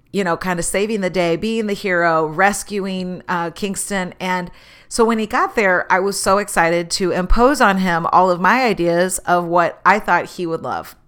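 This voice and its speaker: A woman telling a personal story in a candid, animated way, acting out the voices of people in it. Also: fairly low pitch. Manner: candid, animated, acts out quoted dialogue.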